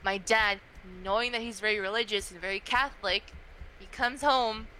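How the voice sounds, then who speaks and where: A young adult woman chatting casually on a podcast, telling a story in a chatty, animated way with many fillers. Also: mid-range voice, moderate pace, slight background noise, poor audio.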